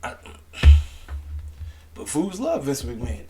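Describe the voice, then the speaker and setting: Animated slangy man reviewing wrestling. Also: medium pitch, normal speed. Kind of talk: casual opinionated commentary to camera.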